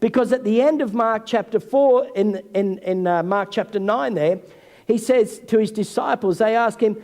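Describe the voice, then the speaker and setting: A man, senior pastor, preaching a sermon in an animated way and acting out the voices of figures from scripture. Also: high-pitched, moderate pace. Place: church hall. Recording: long hall reverb.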